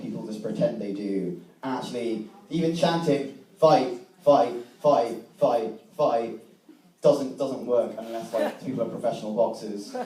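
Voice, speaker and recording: A man's voice: medium pitch, warm tone. A young man, a student, telling a self-mocking comic story to a live audience, swearing freely and acting out old dialogue. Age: young adult. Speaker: student speaker at a debating society. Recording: echoey room, mic from a distance.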